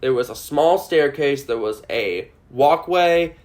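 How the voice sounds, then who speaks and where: A woman's voice: extremely low pitch, slow pace. A woman hosting a podcast, rambling through an emotional, swear-filled recap. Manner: animated, emotional, swears a lot. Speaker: podcast host.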